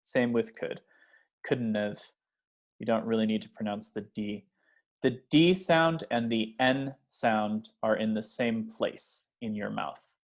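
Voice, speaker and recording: A man teaching English pronunciation, slowly modeling example phrases and checking in with the learner. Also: on the low side. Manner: checks in with "okay?" and "right?". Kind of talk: pronunciation lesson.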